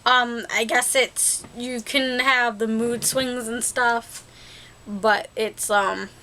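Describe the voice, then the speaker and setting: Bright-voiced chatty young woman vlogger. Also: fairly high pitch, steady tone, takes it slowly. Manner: chatty and rambling, laughing often. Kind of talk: casual talk to camera.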